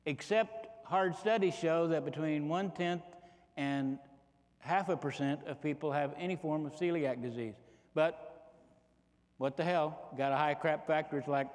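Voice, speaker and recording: A man's voice: fairly high pitch, normal speed. Guy in his 50s, economist doing a keynote, jokey folksy talk, lots of "guess what", big hall echo. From Texas. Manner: joking, rhetorical questions to the audience. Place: large conference hall. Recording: long hall reverb.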